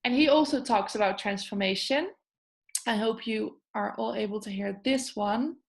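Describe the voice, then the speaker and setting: Female webinar host, upbeat, questions the group, voice a bit high. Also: moderate pace, vocal fry. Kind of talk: online class.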